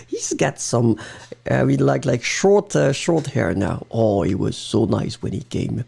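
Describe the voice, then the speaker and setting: A man's voice: mid-range voice, big pitch swings, a little slow, creaky, a little mellow, breathy edge. A middle-aged French man with a French accent, teaching a live online lesson in a chatty way, often laughing and slipping into French. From France.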